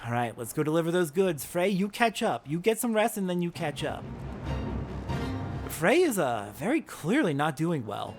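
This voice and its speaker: A man's voice: a little high, normal speed. A man giving casual, profane commentary while playing a story game. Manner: animated, swearing freely. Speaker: game let's play host. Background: game music.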